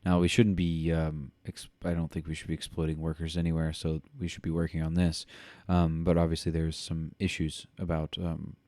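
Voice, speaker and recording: A man's voice: very deep voice, monotone, normal speed, few pauses, warm tone, no room sound. A man co-hosting a podcast, reading news aloud and commenting in a rambling way with many fillers. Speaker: podcast co-host.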